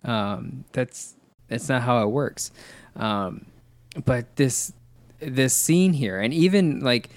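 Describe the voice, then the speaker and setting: A man's voice: medium pitch, takes it slowly, no echo. A man chatting casually about a film, thoughtful and explanatory. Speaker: podcast co-host discussing a film. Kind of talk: casual chat.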